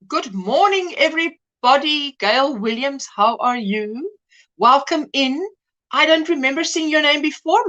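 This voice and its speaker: A woman hosting a casual crafting livestream, chatting and greeting viewers one by one by name with quick asides. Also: a little high. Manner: animated, quick asides and laughs. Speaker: livestream host.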